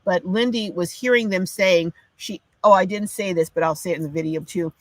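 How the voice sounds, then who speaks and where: A woman's voice: fairly low pitch, fairly quick, no room sound. A woman hosting a casual livestream, reading out viewer comments in a chatty, apologetic way with a runny nose. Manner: chatty and apologetic, with frequent restarts. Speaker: livestream host.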